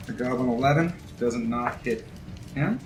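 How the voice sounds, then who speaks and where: A man's voice: mid-range voice, moderate pace. A man narrating a tabletop game as game master in a casual, laughing way. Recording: roomy sound with faint music.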